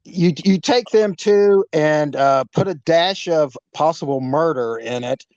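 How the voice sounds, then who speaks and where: A man telling a story in a lively, casual way, acting out every exchange and swearing now and then. The recording is dry with a slightly dull, lo-fi tone. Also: a little high, measured pace, no echo. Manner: animated, acts out the dialogue, swears. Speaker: guest.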